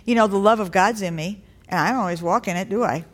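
A woman's voice: mid-range voice, fast talker. A woman preaching a sermon to a congregation in a church, in a conversational, encouraging way that builds to rising exhortations.

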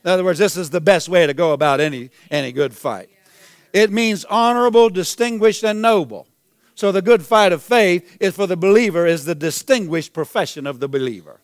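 A man preaching a sermon, his high voice smooth and clear. He rises to emphatic, repeated exclamations, heard close and dry with little room sound. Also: a little fast, dry recording. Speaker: pastor.

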